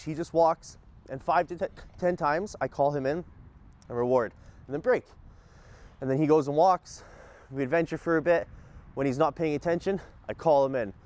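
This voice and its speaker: Male dog trainer, casual lesson outdoors, slightly high-pitched, lively. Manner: lively, swings between upbeat and calm, barks short commands.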